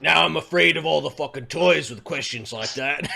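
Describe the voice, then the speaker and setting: A man narrating as game master of a tabletop game, relaxed and chuckling, with many fillers. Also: on the high side, moderate pace, vocal fry, crowd noise.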